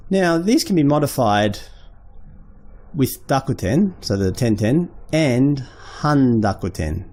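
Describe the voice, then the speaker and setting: Slow, patient male teacher. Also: medium pitch, big pitch swings, darkish tone. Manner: slow, patient, repeats syllables; thinks aloud, self-correcting. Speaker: language teacher. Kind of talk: whiteboard lesson.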